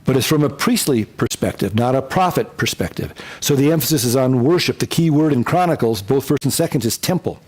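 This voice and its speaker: A pastor teaching a Bible survey class, lively and repeating key points, sometimes acting out quotes in funny voices. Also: male voice, medium pitch, fairly quick, hardly any pauses. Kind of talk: lecture.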